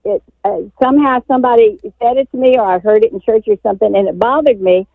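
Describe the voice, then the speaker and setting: A woman's voice: on the high side, fast, gravelly, no echo. A woman from Texas calling in to a radio show, telling her story eagerly and emotionally with lots of fillers over the phone. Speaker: caller. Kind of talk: call-in radio chat. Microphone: telephone. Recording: tinny phone line.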